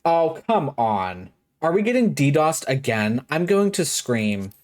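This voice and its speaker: A man's voice: on the high side, sing-song, a little slow, a little mellow, faint music behind. A man streaming a game live, chatting casually and sarcastically, swearing freely and reading game dialogue aloud.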